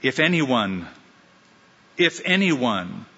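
A man's voice: medium pitch, big pitch swings, drawn-out words, sharp tone, breathy edge. A man preaching a sermon as pastor, driving his points home with punchy repetition and rhetorical questions to the congregation. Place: church sanctuary. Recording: reverberant hall sound, slightly dull.

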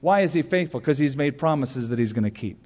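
A man's voice: mid-range voice, expressive, fast talker, darkish tone, long reverb tail. A male pastor preaching a sermon, telling stories and asking rhetorical questions with emphatic punch lines.

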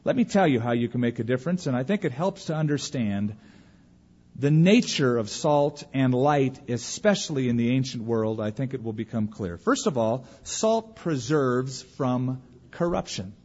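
A man preaching a sermon as pastor, emphatic, slowing for weight and dropping to a hush at the ends of phrases. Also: medium pitch, animated. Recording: dull lo-fi recording.

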